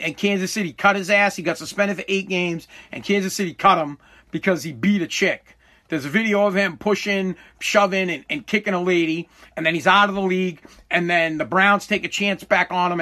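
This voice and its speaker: A man with a high voice talks straight to his live chat. His tone is bright and sharp, and he rants fiercely, swears a lot and keeps repeating himself. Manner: fiery, profane, repetitive. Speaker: livestreamer. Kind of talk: heated ranting commentary to live chat.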